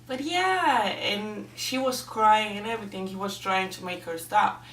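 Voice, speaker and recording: A woman's voice: medium pitch, a little slow, fairly bright tone, a little hiss or hum. Chatty woman in an echoey room. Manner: chatty and emotional, with many fillers. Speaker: book reviewer. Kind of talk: casual vlog book review. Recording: echoey room, mic at a distance.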